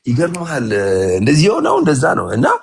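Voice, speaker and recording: A male English teacher hosting a live session, talking in a lively, encouraging coaching manner. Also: medium pitch, brisk, gravelly, breathy edge.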